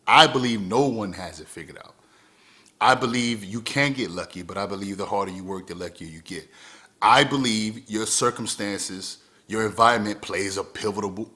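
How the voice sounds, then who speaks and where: Earnest guy in his 30s doing a motivational vlog, lowish voice, keeps repeating himself to drive it home. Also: a bit bright. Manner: earnest, repeats phrases for emphasis. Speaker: vlogger. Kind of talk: motivational talk to camera.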